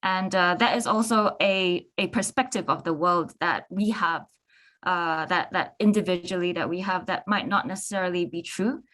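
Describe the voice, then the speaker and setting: A woman's voice: on the low side, normal speed, a bit bright. A young woman on a discussion panel, answering questions hesitantly with many restarts and fillers. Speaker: artist on a panel.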